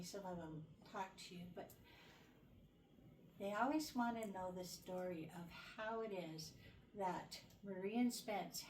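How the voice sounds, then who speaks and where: A woman's voice: on the low side, roomy sound, recorded from a distance, slight background noise, poor audio. A woman in casual family conversation, asking about how the family homes came about. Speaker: family member.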